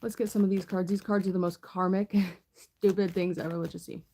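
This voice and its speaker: A woman's voice: lowish voice, little pitch movement, brisk, dark tone, a little hiss or hum. A woman reading tarot in a casual, rambling chat, full of fillers and swearing. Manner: chatty, profane, rambling with many fillers. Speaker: tarot reader.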